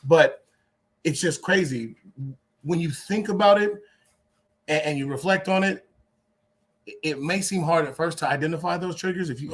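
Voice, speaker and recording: A man in his forties talking in a casual panel, emphatic, swinging between loud bursts and quiet asides. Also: a little fast, slightly rough. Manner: emphatic, swings from loud to low, restarts a lot. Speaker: podcast co-host.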